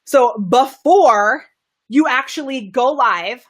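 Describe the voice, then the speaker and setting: A woman's voice: animated, slow. A bubbly, enthusiastic woman coaching a live stream audience, often laughing and shifting her voice up and down to demonstrate delivery. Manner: bubbly, enthusiastic, laughs often, reads viewer comments aloud; varies pitch and volume to demonstrate delivery tactics. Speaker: on-camera presentation coach. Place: home studio, live video stream.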